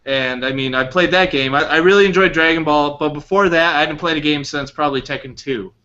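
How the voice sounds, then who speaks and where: Guy rambling on a gaming podcast, bright voice, muffled lo-fi sound. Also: on the high side, brisk. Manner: rambling, laughs often. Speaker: podcast co-host. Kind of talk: casual chat.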